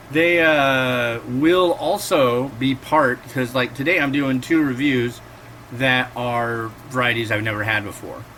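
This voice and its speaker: A man's voice: medium pitch, sharp tone, slight background noise. A man in his forties hosting a casual cooking and noodle review vlog, rambling from topic to topic. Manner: rambling and digressive, acts out quotes. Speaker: instant noodle reviewer and host.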